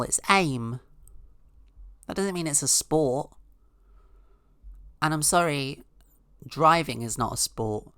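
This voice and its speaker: A woman's voice: a bass voice, unhurried, long pauses, a bit bright, clean tone, dry recording, clean studio sound. A woman hosting a podcast, telling a rambling, sarcastic comic story with mock-outraged asides. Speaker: podcast host. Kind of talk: casual comedic monologue.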